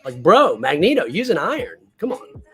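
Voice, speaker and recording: Man, toy stream host, enthusiastic, lively pitch, slightly high, faint music behind. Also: normal speed. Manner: enthusiastic, laid-back. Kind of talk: casual live-stream chat.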